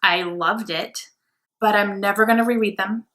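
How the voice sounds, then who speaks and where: A young adult woman chatting casually and excitably about her books, with many fillers. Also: medium pitch, normal speed. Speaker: book vlogger. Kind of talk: casual book haul chat.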